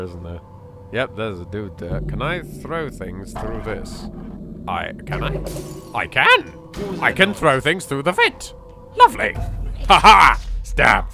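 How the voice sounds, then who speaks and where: A British man giving chatty, excitable commentary while playing a video game. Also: lowish voice. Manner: excitable, chatty, quick to exclaim. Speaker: let's play host. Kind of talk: casual gameplay commentary.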